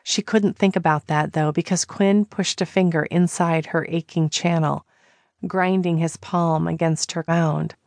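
A woman narrating an audiobook in slow, even storytelling. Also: on the low side, no room sound. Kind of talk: scripted narration.

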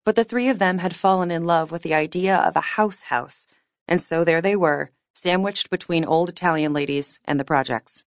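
A woman reading fiction aloud as an audiobook narrator, with measured, wry storytelling. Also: lowish voice, no echo, clean studio sound. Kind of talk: scripted narration.

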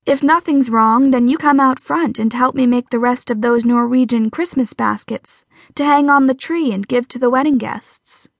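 A woman's voice: high-pitched, moderate pace, vocal fry, no echo. A woman narrator voicing a determined young mother with a wry edge.

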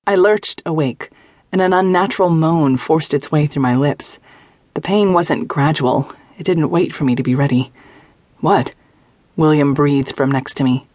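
A woman's voice: low-pitched, normal speed, a little mellow, dry recording. Woman narrating a young-adult novel. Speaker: audiobook narrator. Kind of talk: first-person scripted narration.

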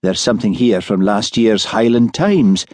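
A man voicing an easygoing, shrewd Highland village policeman who talks calmly and wryly. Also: normal speed, dry recording, natural voice.

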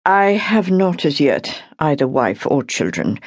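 A woman voicing a stiff, irritable male doctor who speaks slowly and formally. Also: sits low, sing-song, no room sound, studio quality, exaggerated voice. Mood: indignant. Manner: clipped, slow and stiff.

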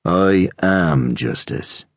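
A male narrator voicing a grim, cold sergeant who speaks slowly, quietly and threateningly. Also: low-pitched, animated, gravelly, no room sound, clean studio sound, pitched below the performer's own voice, full character voice. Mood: icy.

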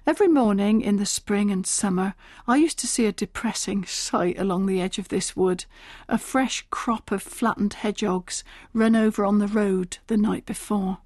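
A woman's voice: mid-range voice, normal speed, darkish tone, no echo. A woman poet reading her own work, telling short stories and reciting comic verse in a droll, wry way into a close studio mic.

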